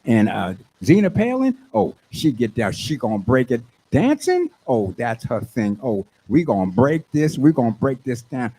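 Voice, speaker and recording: An older man, a radio station manager hosting his talk show, hyping an event with exuberant, preachy shouts. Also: mid-range voice, normal speed, hardly any pauses, breathy edge. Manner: exuberant, preachy call-and-response, shouts when excited. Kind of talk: hyped radio promo talk.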